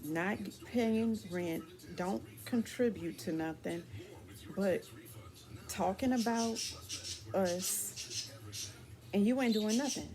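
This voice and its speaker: With music playing behind her, a woman speaks slowly at a medium pitch, pausing often. In a casual personal vlog she rambles candidly to her viewers in dialect, restarting sentences as she asks them for advice.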